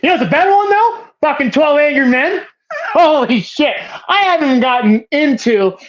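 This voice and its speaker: A woman's voice: high voice, expressive, normal speed, lo-fi sound. Profane, ranting woman movie podcast host. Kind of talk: casual movie discussion.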